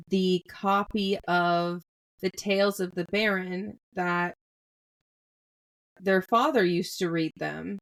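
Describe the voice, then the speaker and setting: A young American woman co-hosting a casual book podcast, teasing her co-host playfully. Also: medium pitch. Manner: playful teasing, drawn-out delivery. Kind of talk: casual book-club chat.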